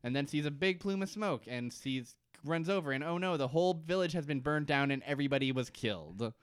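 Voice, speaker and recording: A man's voice: on the high side, expressive, a little fast, clear, resonant tone, dry recording. A man co-hosting a casual comedy podcast, sarcastic and swearing, who acts out scenes in mocking voices. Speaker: podcast co-host. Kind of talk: casual comedic recap chat.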